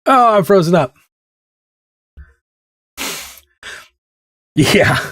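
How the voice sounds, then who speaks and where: High-pitched and expressive, this man draws out his words in a slightly bright tone while chatting as he sketches on stream. He rambles, drifts onto side topics, and teases himself, all in a dry recording.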